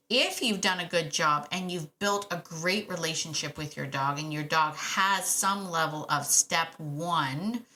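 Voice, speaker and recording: A woman with a bright, forceful voice talks straight to her listeners about dog training. She is animated and emphatic and repeats her key points. She laughs often as she talks. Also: low voice. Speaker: dog trainer podcast host. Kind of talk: casual solo podcast advice.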